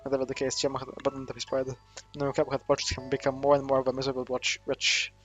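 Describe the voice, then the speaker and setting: A man reads a visual novel aloud for a let's play, voicing every character himself with little change in his medium-pitched, monotone voice, racing along and often stumbling and correcting himself. His casual read-through includes asides, and the slightly bright, dull audio has faint music behind it.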